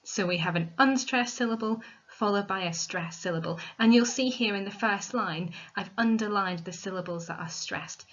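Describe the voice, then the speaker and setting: A woman teacher giving a recorded literature lesson, explaining step by step in a clear, methodical way. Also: mid-range voice, moderate pace, few pauses, fairly bright tone. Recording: dull lo-fi recording.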